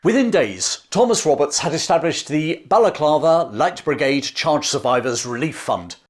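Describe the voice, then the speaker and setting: A man's voice: on the high side, animated, moderate pace. A man narrating history in a scripted, dramatic storytelling manner, letting phrases fall away at their ends.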